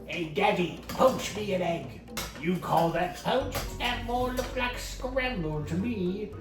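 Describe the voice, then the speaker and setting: A man's voice: sits high, animated, takes it slowly, pitched above the performer's own voice. A man voicing a demanding, spoiled baby boy who orders his father around in a haughty way. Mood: bossy. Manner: haughty, ordering people about. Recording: roomy sound from a distance with music.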